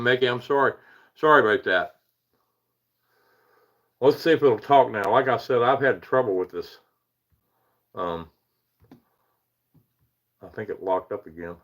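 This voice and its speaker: A man from the Eastern United States speaks at normal speed with frequent pauses, his fairly bright voice sitting on the low side. Hosting a casual paranormal livestream, he meanders, makes self-deprecating jokes with frequent chuckles, and calls out viewers by name.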